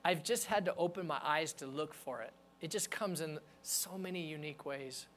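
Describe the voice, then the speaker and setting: A man's voice: a little high, normal speed, fairly bright tone, a little hiss or hum. A man preaching a sermon as pastor, speaking to the congregation in a conversational, earnest way.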